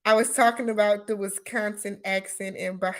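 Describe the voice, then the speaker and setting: A woman hosting a casual livestream chat, answering viewer comments and laughing often, with relaxed speech full of y'all and imma. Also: mid-range voice, moderate pace. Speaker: livestream host.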